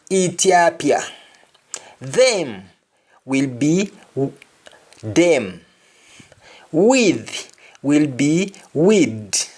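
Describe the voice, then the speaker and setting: A man giving a pronunciation lesson at a very slow, careful pace. He says each word and then says it again, and his pitch rises and falls widely from word to word. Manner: deliberate, says each word twice to contrast sounds. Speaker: pronunciation teacher.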